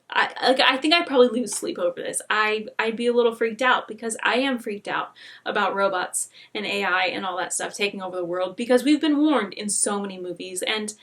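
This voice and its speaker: A woman hosting a video, reacting earnestly to a viewer's story and sometimes dropping into a breathy whisper. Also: fairly high pitch, a bit bright. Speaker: host reacting to viewer stories. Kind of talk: casual commentary.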